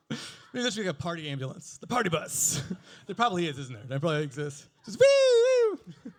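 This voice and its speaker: A man's voice: a little high, big pitch swings, brisk, pauses often, a bit bright. A man in his forties doing a stand-up comedy set, crude, playful and self-mocking as he riffs with the audience. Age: 40s.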